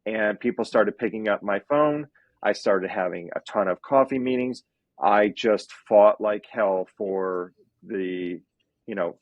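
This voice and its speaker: A man's voice: low-pitched, no room sound, phone-quality sound. Earnest man telling his story. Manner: earnest, emotional, fighting back tears at times. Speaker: podcast guest. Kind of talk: personal storytelling.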